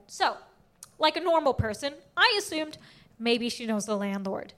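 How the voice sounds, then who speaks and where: A young woman delivers a stand-up comedy set on a club stage. Her voice sits high and she tells her story with animated energy, jumping into the voices of the people she quotes. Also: normal speed.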